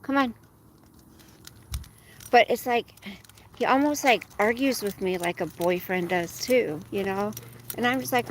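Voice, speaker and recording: A woman's voice: mid-range voice, takes it slowly, long pauses, slight background noise, rough recording. A woman chatting casually while walking her dog, venting about work and breaking off to coax the dog along. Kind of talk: casual chat. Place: outdoors on a street.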